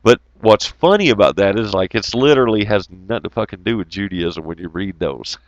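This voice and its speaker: A man's voice: on the low side, brisk, highs cut off, slight background noise. A man rambling through a casual monologue, swearing freely and laughing as he tells stories. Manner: profane, laughing, animated storytelling.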